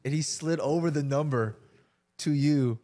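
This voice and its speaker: A man's voice: on the high side, a little slow, dark tone. A man hosting a podcast, chatting casually and telling stories with laughter among friends. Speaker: host.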